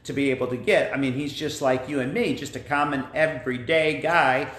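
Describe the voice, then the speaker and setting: A man's voice: medium pitch, a little fast, a bit bright. A man hosting a children's church lesson with puppets, playful and joking in casual chat. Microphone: phone camera. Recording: echoey room, phone camera.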